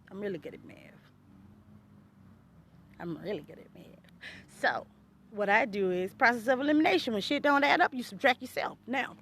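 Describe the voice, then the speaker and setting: A woman talks straight to her viewers in a casual vlog, calling them y'all. Her voice is bright and a little high. She is blunt and chatty and swears freely. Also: slight background noise. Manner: addresses viewers as y'all and you guys. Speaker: vlogger. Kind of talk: casual direct-to-camera talk.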